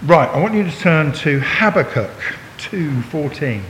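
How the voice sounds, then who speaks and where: A man's voice: animated, a little slow, fairly bright tone. An Englishman in his sixties, a visiting preacher giving a chatty, joking church talk that draws in his listeners. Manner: chatty and jokey, talks to the congregation. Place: church hall. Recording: long hall reverb, faint rumble.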